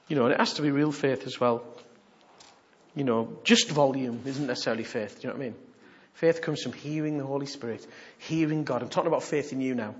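A man preaching a sermon, animated and humorous, moving from hushed asides to loud exhortation. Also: mid-range voice, dull audio.

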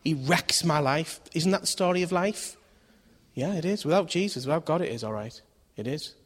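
A man's voice: on the high side, expressive, brisk. A man preaching a sermon in a conversational way, asking his listeners questions and acting out voices in his stories. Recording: long hall reverb.

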